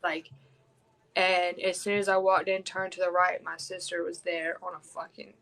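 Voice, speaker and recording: A woman's voice: lowish voice, flat delivery, moderate pace, vocal fry, a bit bright, rough recording. A woman, hosting a podcast and telling a personal story in a raw, blunt way, swearing heavily. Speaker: podcast host.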